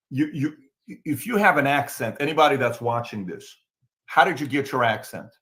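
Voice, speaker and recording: A Middle Eastern man with a fairly high, slightly bright voice hosts a casual political talk show. He speaks with a Middle Eastern accent and repeats his points emphatically.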